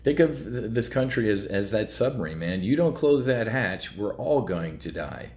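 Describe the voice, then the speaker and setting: A man's voice: on the low side, sing-song, normal speed, a little mellow. A man hosting a trading show, talking bluntly and heatedly with many fillers. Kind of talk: casual market commentary.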